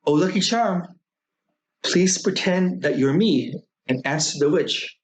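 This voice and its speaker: A man's voice: high-pitched, lively intonation, takes it slowly, voice pushed up. A frightened young boy monk begs and stalls in a raised, panicky voice, as a man acts him out. He sounds small and desperate, like a character in a spooky folktale read aloud. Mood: pleading. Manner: panicky pleading.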